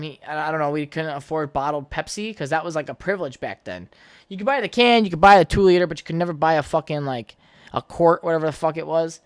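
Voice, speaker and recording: This young podcast host has a clean tone and a fairly high pitch. Alone on the mic, he tells stories from growing up in a loose, profane, rambling way, restarting sentences and filling gaps with fillers.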